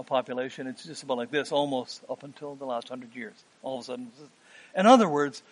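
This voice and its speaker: A man in his fifties preaching a sermon, earnest, pausing with "um" and rising for emphasis. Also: a little high.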